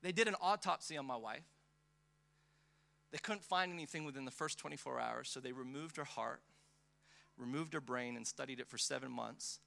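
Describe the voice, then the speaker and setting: Bright-voiced man preaching a testimony. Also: medium pitch, normal speed, creaky, long pauses. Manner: builds from quiet storytelling to impassioned preaching. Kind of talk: sermon testimony.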